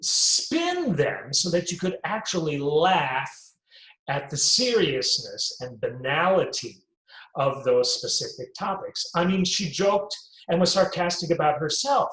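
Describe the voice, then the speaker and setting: A male host giving a health and wellness talk, emphatic and deliberate in his delivery. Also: fairly high pitch, very animated, a bit bright, reverberant, rough recording.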